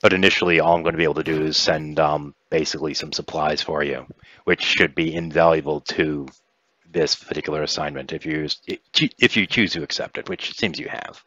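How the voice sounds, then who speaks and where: Guy gm narrating a tabletop game, very deep voice, laid back and rambly, dull dry lo-fi audio. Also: a little fast, dry recording. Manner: relaxed, rambling narration with fillers. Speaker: game master.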